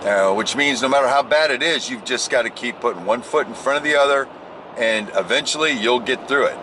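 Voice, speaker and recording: A man's voice: medium pitch, a little fast, sharp tone, slight background noise. A man chatting casually to a camera in his car while driving, joking around and ranting about his work day. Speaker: construction boss. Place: inside a car on the road.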